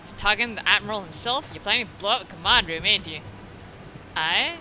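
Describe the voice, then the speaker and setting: A woman voicing a swaggering, taunting male pirate marauder who talks in rough, old-fashioned slang, reading game dialogue aloud. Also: medium pitch, a little fast, pushed and bright, slight background noise, rough recording. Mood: gloating.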